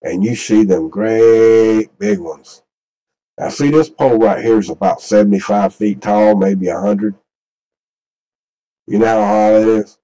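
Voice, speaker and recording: A man's voice: on the low side, unhurried, dark tone, low-quality recording. A man, rambling folksily through a screen-share and repeating himself as he walks viewers through weather maps. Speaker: channel host. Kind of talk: casual screen-share commentary.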